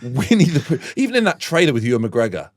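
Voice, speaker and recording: Male co-host, lively and sing-song, laughs through his anecdotes and acts out the voices. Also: mid-range voice, fast, slight background noise. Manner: laughs often, animated storyteller. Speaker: podcast co-host. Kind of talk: casual comedic chat.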